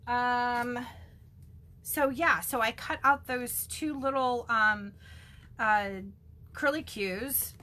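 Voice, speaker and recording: A woman's voice: on the high side, pushed and bright. Bubbly woman gushing over crafts. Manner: bubbly, gushing, chatty with frequent ums. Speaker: stamping demonstrator. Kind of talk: casual crafting demo.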